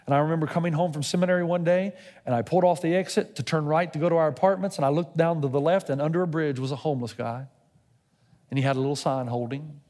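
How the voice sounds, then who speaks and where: A man's voice: on the high side, steady tone, quick pace, dark tone, big-room sound. A middle-aged man preaching a sermon as a pastor, telling a personal story and acting out both sides of his conversations with God. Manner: storytelling preacher who acts out dialogue with God.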